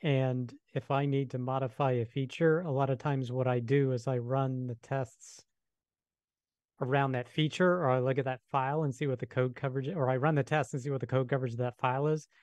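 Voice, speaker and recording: A man's voice: mid-range voice, fairly even intonation, brisk, darkish tone, no echo. A man on a podcast explaining his own coding habits in an easygoing, step-by-step way. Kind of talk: casual technical chat.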